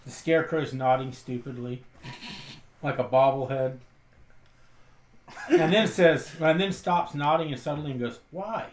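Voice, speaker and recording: A man's voice: mid-range voice, a little slow, long pauses. A man narrating his character's actions and words in a tabletop role-playing game. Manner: storytelling, quotes his character's lines. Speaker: tabletop player. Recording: echoey room with faint noise.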